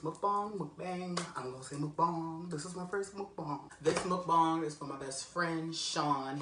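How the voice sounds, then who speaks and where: A young woman with an unusually deep voice talks in a chatty, rambling, self-mocking way. She sounds distant from the camera mic in an echoey room at home. A faint background noise runs under her voice. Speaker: vlogger. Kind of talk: casual mukbang vlog chat. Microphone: camera set up across the room.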